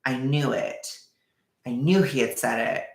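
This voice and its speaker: Man, storytime vlogger, gravelly fry in his voice, echoey room, candid and emotional. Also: medium pitch, unhurried. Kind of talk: storytime vlog.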